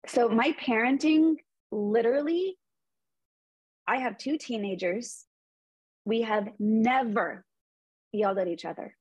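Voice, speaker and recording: Speaking slowly with long pauses, a woman in her forties has a slightly high, somewhat mellow voice with a breathy edge, captured in a dry recording with dull audio. In a conversational interview, she earnestly shares stories about parenting and mindfulness as a guest.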